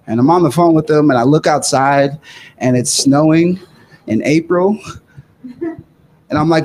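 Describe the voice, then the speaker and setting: A man's voice: fairly high pitch, moderate pace, long pauses, darkish tone, a little hiss or hum. A young man doing a stand-up set in a comedy studio, laid-back, chuckling between jokes. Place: comedy studio stage with live audience.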